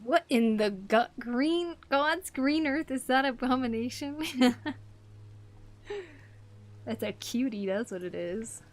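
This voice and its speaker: A woman's voice: a little high, slow pace. A young woman chatting casually while she draws on a live stream, giggling often and reacting to her chat. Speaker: art streamer.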